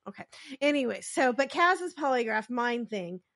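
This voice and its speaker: A woman with a somewhat high voice talks casually on a podcast. She is chatty and opinionated, and her sentences are scattered with "like" as she reacts to the episode. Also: expressive, moderate pace, fairly bright tone. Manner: chatty, opinionated, heavy use of "like". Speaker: podcast co-host. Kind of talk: casual recap chat.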